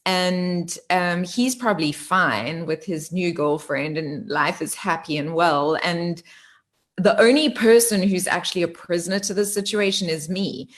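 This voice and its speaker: A woman's voice: on the low side, a little slow. A young woman telling a personal story candidly, talking straight to her viewers. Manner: candid, conversational, addresses viewers directly. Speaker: host.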